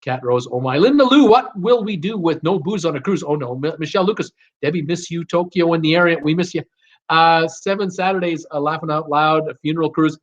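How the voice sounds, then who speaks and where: Brisk and somewhat high-voiced, an American man runs a live cruise Q&A stream, upbeat and chatty as he reads comments out and welcomes every viewer by name. The stream audio is lo-fi and slightly dull.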